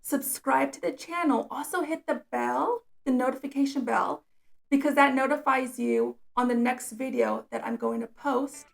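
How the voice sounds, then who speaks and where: A woman's voice: high-pitched, normal speed, gravelly. A woman special education teacher explaining reading activities step by step in a patient instructional video.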